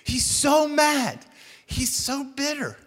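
Man, high voice, storytelling preacher, self-mocking, acts out quotes, long hall reverb. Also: slow pace. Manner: animated, self-deprecating storytelling with acted-out quotes. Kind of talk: storytelling sermon.

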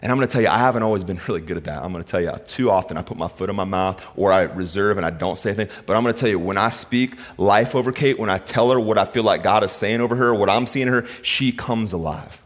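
A middle-aged man preaching a sermon, telling stories and moving from hushed lines to emphatic ones. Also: lowish voice, quick pace, hardly any pauses. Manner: storytelling, swings from hushed to emphatic. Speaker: pastor.

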